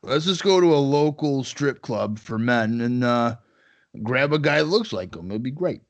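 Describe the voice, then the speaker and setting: A man's voice: medium pitch, expressive, normal speed. A male podcast co-host with a middling voice making dry, sarcastic quips. The sound is dull and lo-fi. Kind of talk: casual chat.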